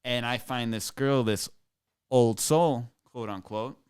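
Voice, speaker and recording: A man's voice: medium pitch, fairly even intonation, takes it slowly, darkish tone, clean tone, no echo, studio quality. A man in his thirties telling a rambling, crude story on a live stream, casual and self-amused. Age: 30s.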